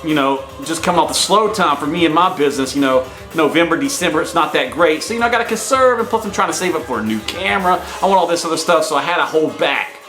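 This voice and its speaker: Male vlogger, brash hype-man patter, fairly high voice, roomy echo. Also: animated, fast talker, hardly any pauses, fairly bright tone, faint music behind. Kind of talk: casual hype vlog. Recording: echoey room sound.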